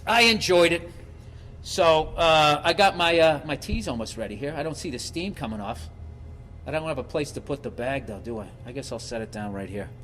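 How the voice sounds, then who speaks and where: A man's voice: medium pitch, slight background noise. A middle-aged man rambling through a casual, profane monologue, acting out other people's lines as he tells stories. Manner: profane, rambling, animated storytelling with acted-out quotes.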